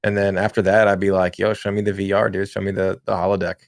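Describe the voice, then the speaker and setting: A man co-hosting a casual gaming podcast, laid-back and quick to laugh, with lots of fillers, reading chat messages aloud. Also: sits low, level tone, gravelly, dry recording, studio quality. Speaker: podcast co-host.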